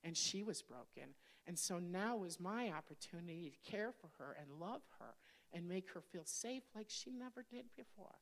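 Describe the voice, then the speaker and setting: A woman's voice: lowish voice, animated, moderate pace. A woman in her fifties, a pastor, telling her personal testimony in a candid, conversational sermon that speaks straight to the congregation. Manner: candid, conversational, addresses audience directly.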